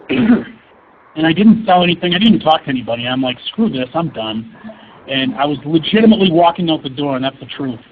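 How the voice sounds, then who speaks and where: A man who sells cars talks bluntly about money as an interview guest, often repeating words. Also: on the high side. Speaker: car salesman guest. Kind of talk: casual interview on a webinar. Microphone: phone call. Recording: tinny phone line with faint hiss.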